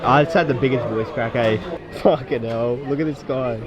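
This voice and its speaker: A man's voice: mid-range voice, normal speed, a crowd in the background. A young Australian man vlogging casually with his mates, laid-back, joking and swearing, recorded outdoors on a handheld camera. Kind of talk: casual vlog chat. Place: outdoors around town and in a car. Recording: loud traffic noise outdoors.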